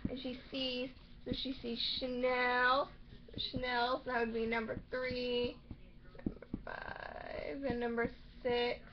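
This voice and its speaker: A young woman casually recapping a TV episode, rambling and acting out characters' lines in quick bursts. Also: a little high. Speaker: recap vlogger. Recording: slightly muffled home recording with faint noise.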